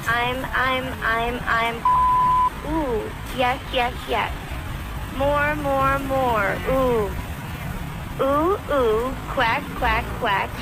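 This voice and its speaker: A woman flatly reading out a crude prank message for a relay call, with no feeling in the delivery. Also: on the high side, drawn-out words, heavy background noise. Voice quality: flat, emotionless delivery. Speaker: text-to-speech relay reader.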